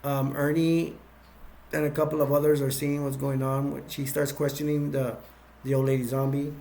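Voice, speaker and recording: A man's voice: medium pitch, level tone, normal speed, creaky, dark tone, a little hiss or hum. A man casually retelling a movie's plot in a rambling way, full of fillers and restarts. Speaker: movie reviewer.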